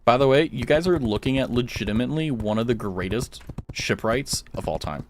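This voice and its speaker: A man's voice: mid-range voice, expressive, brisk, faint music behind. A young man streaming a game, chatting casually with viewers and rambling through self-mocking jokes. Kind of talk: casual chat while gaming.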